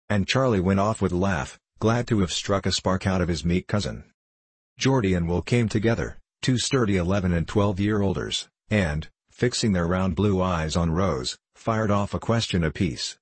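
A man narrating a classic novel in a measured storytelling manner. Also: low-pitched, breathy edge, no room sound. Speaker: audiobook narrator.

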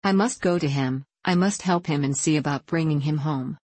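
A woman voicing a tender young peasant mother who speaks softly through her tears in a storybook reading. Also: low voice, moderate pace, husky, no echo. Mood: tearful. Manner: soft, tearful.

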